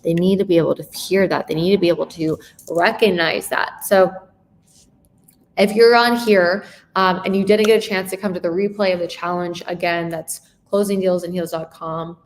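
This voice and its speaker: A woman coaching a sales class in a live session, her voice moving through many tones as she leans in and stresses words. She sits a little low for a woman and keeps checking in with quick questions. A faint hiss runs under her voice. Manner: expressive, shifting tone and emphasis; frequent rhetorical check-in questions. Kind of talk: live sales training talk.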